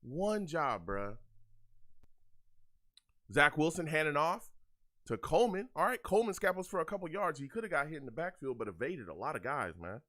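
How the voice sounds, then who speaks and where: A man's voice: on the high side, lively intonation, normal speed, pushed and bright. A young man hosting a live game reaction show, ranting in exasperation, repeating himself, and reading out chat comments. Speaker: fan show host.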